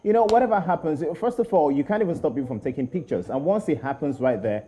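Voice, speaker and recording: A man's voice: on the high side, animated, quick pace, dark tone, a little hiss or hum. A man co-hosting a casual panel chat, hesitant with many fillers but firm in his opinions. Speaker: co-host.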